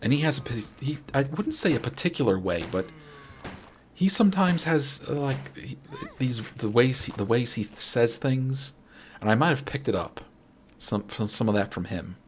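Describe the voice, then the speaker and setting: A man's voice: mid-range voice, expressive, moderate pace, a little hiss or hum. A man from New York with a New York accent, chatting casually and rambling with his stream viewers late at night. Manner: rambling, friendly, many restarts. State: late-night, a little wired. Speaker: game streamer.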